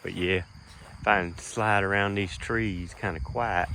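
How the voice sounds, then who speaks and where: A man's voice: low voice, steady tone, unhurried, background noise. A middle-aged man, narrating a casual walking vlog outdoors in a rural field, folksy and rambling, a little out of breath, recorded on a handheld camera. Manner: folksy, rambling, many fillers. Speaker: land manager filming his dove field. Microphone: handheld camera while walking.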